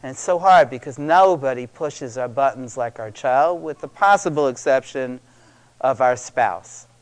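A man's voice: medium pitch, unhurried. A middle-aged man speaking to a live audience about parenting, conversational and emphatic, repeating key words for stress.

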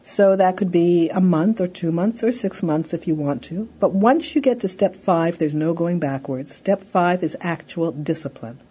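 A woman's voice: fairly low pitch, lively intonation, moderate pace, hardly any pauses, warm tone, breathy edge, muffled recording. A woman lecturing on parenting, explaining steps in a conversational way and often saying "you know". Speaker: parenting educator. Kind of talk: recorded lecture.

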